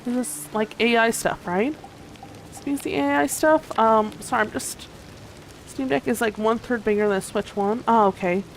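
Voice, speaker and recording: Yawning and a little drowsy, this gaming streamer talks at a moderate pace in a fairly high voice, with slight background noise. She rambles casually as she plays, stumbling through fillers and restarts.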